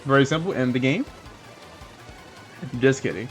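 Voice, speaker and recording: A man's voice: medium pitch, animated, moderate pace, faint music behind. A man hosting a let's play, making joking, playful asides over gameplay. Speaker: gaming channel host.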